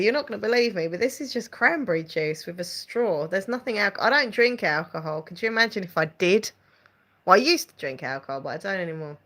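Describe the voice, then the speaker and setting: A chatty, giggly woman hosts a relaxed live stream and answers her viewers as she goes. Her pitch swings up and down a lot, and her voice sits in a middle range. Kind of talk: casual live-stream chat.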